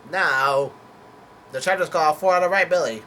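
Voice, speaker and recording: A man's voice: on the high side, moderate pace, bright, forceful tone, a little hiss or hum. A man casually recapping a comic chapter, hesitant, with many fillers, self-corrections and casual swearing. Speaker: manga chapter reviewer.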